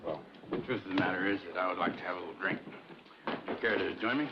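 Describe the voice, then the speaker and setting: An actor playing a half-drunk frontier saloon owner who talks crudely and mockingly, in an old film clip. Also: male voice, sits low, fast talker. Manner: drawling, crude, mocking storyteller. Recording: muffled old film audio with hiss.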